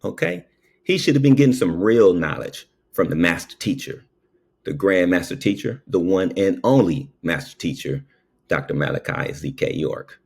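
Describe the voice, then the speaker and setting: A man's voice: low-pitched, sing-song, moderate pace, gravelly, slightly rough. A man who works as a paramedic, telling a story in a casual, preachy monologue and tagging his lines with "okay?".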